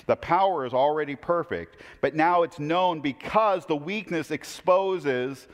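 A man's voice: fairly high pitch, a little slow. Man preaching in a reverberant hall. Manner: casual and wry, with asides and self-corrections. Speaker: preacher teaching a Bible class. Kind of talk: conversational sermon.

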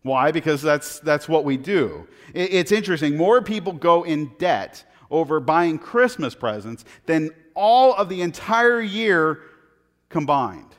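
A man preaching a sermon, telling funny everyday stories in a chatty, animated way. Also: a little high, measured pace. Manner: conversational, animated, self-deprecating anecdotes. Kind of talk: sermon with humorous storytelling. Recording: long hall reverb.

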